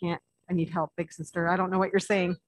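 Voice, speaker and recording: A woman pastor giving a children's message in church, chatting playfully with the kids and reading a picture book slowly with lively emphasis. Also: fairly low pitch, a little hiss or hum. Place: church sanctuary.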